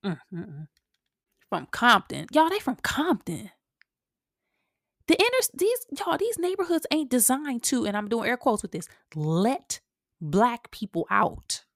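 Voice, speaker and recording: A woman's voice: fairly low pitch, dry recording. Emphatic woman host, dry close sound. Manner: animated, emphatic, talks straight to listeners. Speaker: podcast host. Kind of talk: solo podcast commentary.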